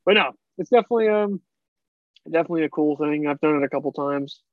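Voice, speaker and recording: Chatty higher-voiced man, dull dry sound. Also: quick pace, no room sound. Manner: laughs often, loose and chatty. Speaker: podcast host. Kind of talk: casual chat.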